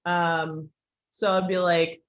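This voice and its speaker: An American woman leads a casual online class, talking candidly and chattily with frequent likes and ums. Her voice sits somewhat low for a woman. The recording sounds dull and lo-fi, with the top end muted. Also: little pitch movement, slow. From United States. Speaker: instructor.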